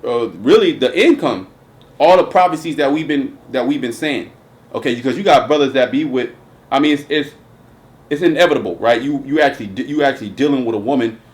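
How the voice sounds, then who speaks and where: A man's voice: medium pitch, fairly quick. A man hosting a casual religious commentary chat, talking emphatically and profanely with lots of restarts. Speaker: host.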